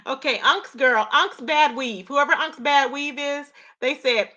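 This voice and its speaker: A woman's voice: high-pitched, measured pace, hardly any pauses, pushed and bright. A woman hosting her own channel, chatting casually and laughing often as she recaps online gossip. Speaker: commentary channel host.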